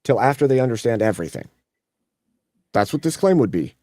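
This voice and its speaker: A man's voice: mid-range voice, sing-song, brisk, dark tone, no echo, studio quality. A man hosting a casual stream debate, insistently repeating pointed questions. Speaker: streamer host.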